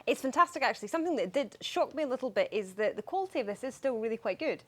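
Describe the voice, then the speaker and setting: Fast, teasing woman presenter. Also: a little high, expressive, husky. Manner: teasing and quick-witted. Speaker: TV gaming show co-host. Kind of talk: lighthearted studio banter.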